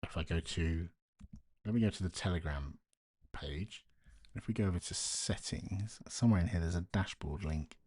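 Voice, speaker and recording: A deep, slightly husky man chats casually on a late-night live stream, half-muttering to himself as he works. He keeps his voice down at home, and the sound is close and dry. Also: moderate pace, no echo. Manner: talks to himself while working, quiet and muttering.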